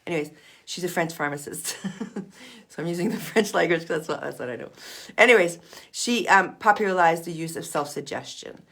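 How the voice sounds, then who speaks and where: A woman's voice: on the low side, fairly quick, creaky, a bit bright. A woman coaching self-hypnosis in a casual explainer video, chatty and playful, often checking in with "okay?". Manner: playful asides.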